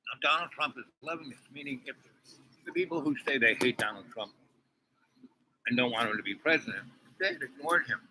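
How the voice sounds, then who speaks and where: A man's voice: mid-range voice, a little fast, sharp tone, slight background noise, rough recording. A man hosting his own show, rambling opinionated commentary while eating breakfast with his mouth full. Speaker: online show host.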